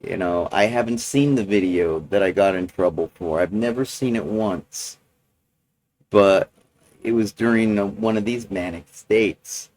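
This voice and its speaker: Give me a man slowly talking through a personal video journal, low-pitched and halting. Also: darkish tone, slight background noise, rough recording. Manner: halting and rambling, many restarts and fillers.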